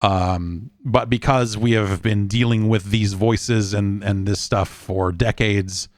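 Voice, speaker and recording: Low-voiced man, rambling podcast host. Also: steady tone, slow, dry recording, studio quality. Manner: rambling, wry, with many fillers and restarts. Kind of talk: casual chat.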